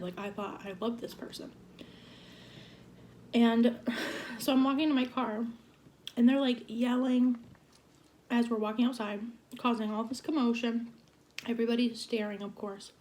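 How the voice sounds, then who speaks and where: A young woman in her twenties telling a storytime vlog in an animated, exasperated way. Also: a little high, slight background noise. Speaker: vlogger. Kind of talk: storytime vlog while eating.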